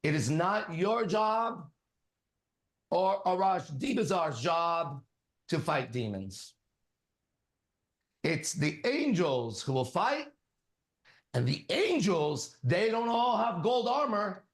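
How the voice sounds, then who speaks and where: A man's voice: high voice, big pitch swings, takes it slowly, long pauses. A man preaching as a spiritual teacher, emphatic and commanding, hammering on repeated phrases. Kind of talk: preaching to a listener. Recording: echoey room.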